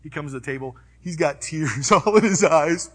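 Husky-voiced man preaching with emphasis. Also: on the high side, moderate pace. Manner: emphatic, swings from loud urging to quiet reflection; personal storytelling within preaching. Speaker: pastor. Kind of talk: sermon.

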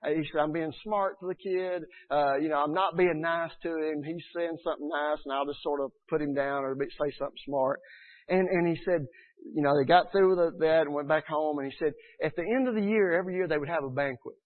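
A man's voice: fairly high pitch, a little fast. Earnest preaching man, tinny sound. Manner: earnest, animated, acts out quotes. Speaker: pastor. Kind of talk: sermon.

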